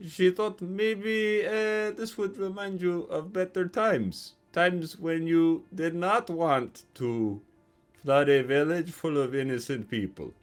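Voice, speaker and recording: A man voicing a hesitant, earnest male priest adventurer in a tabletop game who pleads slowly and stumbles over his words. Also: a little high, soft background music, pitched above the performer's own voice. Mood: pleading. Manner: halting, slow, stumbling pleas.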